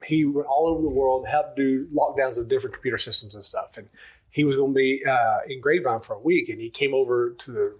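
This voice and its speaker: A man's voice: mid-range voice, quick pace, breathy edge. A man hosting a wine podcast, chatting casually and rambling through anecdotes with lots of fillers. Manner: rambling storyteller with many fillers. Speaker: podcast host. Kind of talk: casual chat, telling anecdotes.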